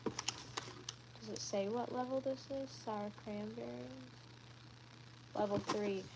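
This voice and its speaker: A woman chatting casually on a live stream, rambling along with frequent ums and quick self-corrections. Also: a little high, fairly even intonation, creaky, noisy background. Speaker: livestreamer.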